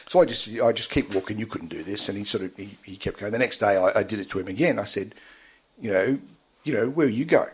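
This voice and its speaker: Husky man, halting and emotional. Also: lowish voice. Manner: halting, many fillers and restarts, tearful at times. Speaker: interview guest. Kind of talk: emotional interview storytelling. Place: community radio studio.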